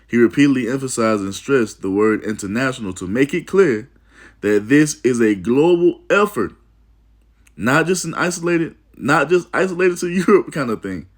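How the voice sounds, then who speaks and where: A man's voice: medium pitch, animated, moderate pace. A man preaching about prophecy, reading aloud from an article and breaking into emphatic asides, often repeating "you see" and "man.". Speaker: religious teacher.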